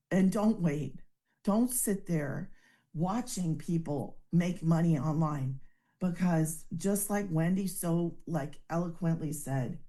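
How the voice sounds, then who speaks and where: A woman's voice: fairly low pitch, dark tone. A woman giving an earnest, emotional personal success testimonial over a video call. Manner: earnest, emotional, fast-talking storyteller. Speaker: business testimonial speaker.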